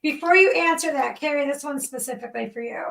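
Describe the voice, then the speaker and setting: A woman's voice: high voice, quick pace, gravelly, a bit bright, low-quality recording. A woman hosting a live stream, reading viewer questions in a bubbly, teasing way. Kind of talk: casual live-stream chat.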